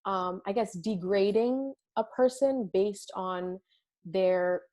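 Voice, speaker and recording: A woman's voice: medium pitch, takes it slowly, warm tone. A young woman from India with an American accent, co-hosting a casual podcast and telling stories in an earnest, reflective way. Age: young adult. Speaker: podcast co-host. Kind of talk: casual chat.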